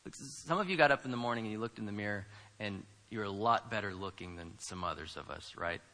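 A man preaching a sermon as a pastor, swinging between quiet asides and loud, emphatic lines. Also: lowish voice, quick pace. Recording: preached in a room with long reverb.

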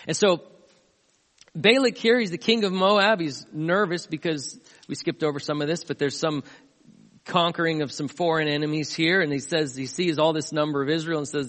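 Male pastor, slightly high voice, animated storyteller, long hall reverb. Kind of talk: sermon.

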